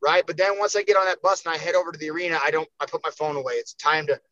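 A man's voice: on the high side, fairly even intonation, very fast, bright, forceful tone, lo-fi sound. A man talking as a podcast guest, emphatic and full of cursing, getting fired up as he speaks. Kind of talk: casual podcast chat.

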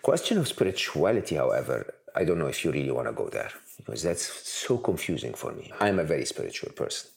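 A man's voice: rumbling low, big pitch swings, fast, gravelly, hardly any pauses. A man answering interview questions at length, emphatic and building points through repeated lists. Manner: emphatic, repetitive lists for effect. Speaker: interview guest.

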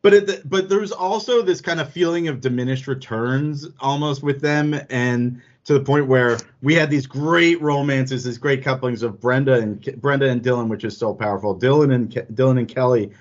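A man's voice: medium pitch, moderate pace, hardly any pauses. Chatty man on a lo-fi podcast. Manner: rambling, self-correcting, chuckles often. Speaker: podcast panelist. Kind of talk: casual chat. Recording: dull lo-fi audio.

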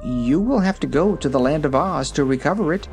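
A man's voice: on the high side, expressive, fairly quick, darkish tone, soft background music, voice pushed up. A man doing Kaliko, a meek gnome steward. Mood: advising. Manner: meek and deferential. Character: timid, humble male gnome steward, round and fat.

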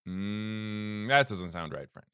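Bright, crisp low-voiced joking male host. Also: expressive, slow, dry recording, clean studio sound. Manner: jokey, rambling storyteller with frequent fillers. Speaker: podcast host recapping game lore. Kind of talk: casual comedic chat.

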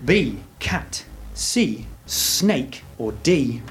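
A man hosting a jokey quiz at a live show, with a deadpan, mock-apologetic delivery. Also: mid-range voice, very slow, noisy background. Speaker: comedy show host. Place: live venue. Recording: echoey room with loud music.

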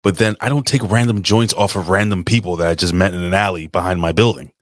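Very deep-voiced man, crude joker. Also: fairly even intonation, quick pace, no room sound, clean studio sound. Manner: crude, joking interjections. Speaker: podcast co-host. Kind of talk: casual chat.

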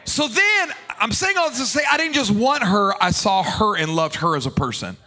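A male pastor preaching a sermon in an animated, playful way, joking back and forth with the congregation. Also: high-pitched, moderate pace, a little hiss or hum.

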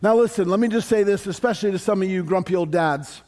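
A middle-aged male pastor delivers a sermon in a high-pitched voice. He preaches in an animated, conversational way, mixing scripture with humorous asides to his congregation. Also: quick pace.

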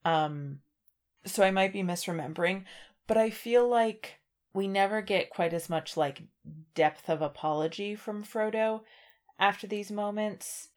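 A woman's voice: medium pitch, measured pace. A woman co-hosting a casual book discussion podcast, chatting and reading passages aloud. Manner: conversational, reads passages aloud in an even voice. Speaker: podcast co-host.

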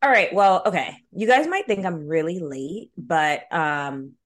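A woman's voice: on the low side, animated, measured pace. A young woman co-hosting a podcast in casual chat, candid and swearing, full of "like" fillers, with a slight lisp. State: slight lisp from a dental guard. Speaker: podcast co-host.

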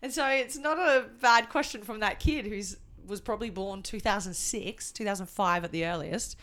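A woman's voice: mid-range voice, moderate pace, a bit bright. A woman, a schoolteacher, chatting casually as a podcast co-host and laughing often. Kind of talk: casual chat.

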